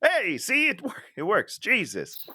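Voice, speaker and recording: A man in a casual movie-review conversation, mocking the story and slipping into exaggerated voices for the characters. His voice is bright and swings widely in pitch. The sound is dry and close. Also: huge pitch swings, measured pace, no echo. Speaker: podcast co-host.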